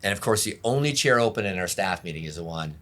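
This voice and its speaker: A middle-aged man with a very low, deep voice speaks candidly as a pastor being interviewed. He tells his story openly and pokes fun at himself, his deep tone staying low as he talks. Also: expressive, quick pace, a bit bright. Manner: open, self-deprecating, laughs at himself.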